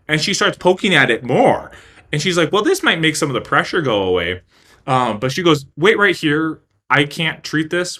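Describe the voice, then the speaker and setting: Bright-voiced man telling a blunt story. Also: medium pitch. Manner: blunt and profane, acts out his own reactions. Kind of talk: casual personal anecdote.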